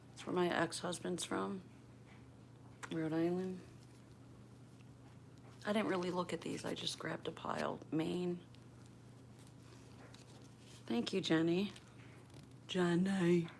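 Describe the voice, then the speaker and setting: With a gravelly, lowish voice, steady tone, and a slightly slow pace marked by long pauses, an older woman hosts a home livestream. She's from Bristol, Pennsylvania, speaks softly, and greets viewers by name, with a little hiss or hum behind her.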